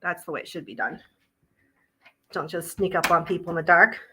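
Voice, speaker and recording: A woman's voice: on the low side, brisk, sharp tone, a little hiss or hum, low-quality recording. A woman on a casual live stream at home, blunt and sweary, chatting with her viewers and her dogs, a little out of breath. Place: home, indoors.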